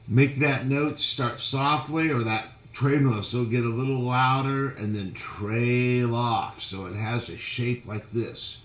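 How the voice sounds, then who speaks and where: Slow-talking man teaching harmonica. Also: medium pitch. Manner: slow, patient explaining, breaks into loud sung calls. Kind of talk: relaxed instructional talk with demonstrations. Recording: echoey room with loud harmonica playing.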